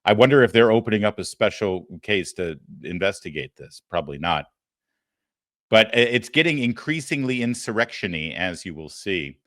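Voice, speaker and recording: A man's voice: lowish voice, animated, moderate pace, fairly bright tone, no echo. Man, middle-aged, talk show host, sarcastic commentary, dry close sound. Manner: sarcastic, mocking. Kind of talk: political commentary.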